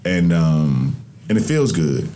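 A man's voice: sits low, very animated, slow, dark tone, slight background noise. A young man hosting a podcast, talking into a microphone in a reflective, rambling, colloquial way. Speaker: podcast host. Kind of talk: casual interview conversation.

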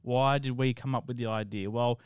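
An Australian man with a smooth, resonant voice chats easily as a podcast co-host, tossing in local slang. The sound is dry and close, recorded in a small quiet room. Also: medium pitch, fairly even intonation, moderate pace, dry recording. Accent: South Australian. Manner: laid-back, slangy banter. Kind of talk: casual chat.

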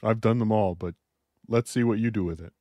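A man from Minnesota with a low voice co-hosts a podcast. He talks in a laid-back, dry and wry way. His voice is recorded close, with a dry sound. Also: fairly quick, dark tone, no room sound. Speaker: podcast co-host. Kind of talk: casual chat.

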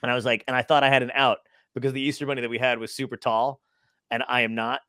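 A man who does stand-up comedy, telling stories in casual chat, animated and profane. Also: mid-range voice, fast, no echo.

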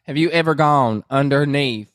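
A man's voice: fairly high pitch, fairly bright tone, no echo, studio quality, voice pushed up. A man voicing a gossipy Southern belle woman with a Southern US accent, grilling a friend in a nosy, teasing drawl.

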